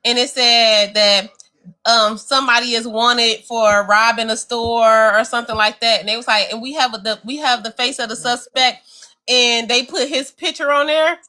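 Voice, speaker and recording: Slightly high-pitched and speaking at a normal speed, this talk show co-host spins an animated story for the audience. She addresses listeners directly as y'all and performs different voices along the way.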